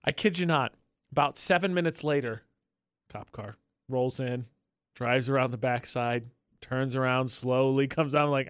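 A man's voice: mid-range voice, normal speed, smooth, no echo. A man hosting a morning radio show, telling stories in casual banter and laughing often. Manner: storytelling, laughs often, animated. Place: radio studio. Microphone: studio microphone.

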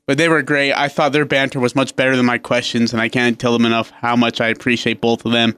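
A man's voice: medium pitch, fast, clear, resonant tone. A male sports radio co-host telling stories in casual chat, laughing often and acting out quotes. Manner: animated storyteller, laughs often, acts out quotes.

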